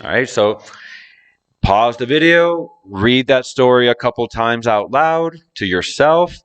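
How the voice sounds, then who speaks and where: A man teaching English pronunciation, reading a short story aloud slowly and stressing key words. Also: mid-range voice, animated, a bit bright, clean tone, muffled recording. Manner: reads slowly with marked word stress.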